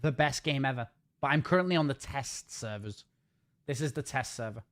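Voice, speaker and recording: A streamer from northern England, with an accent to match, chats casually and jokes around on a gaming livestream. He talks fast and restarts often, his voice medium in pitch and a bit bright.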